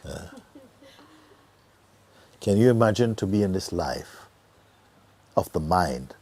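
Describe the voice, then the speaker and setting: A middle-aged man giving a gentle satsang talk as a spiritual teacher, often dropping to a near whisper and laughing easily. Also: sits low, animated, slow pace, pauses often. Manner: laughs easily, joyful and earnest.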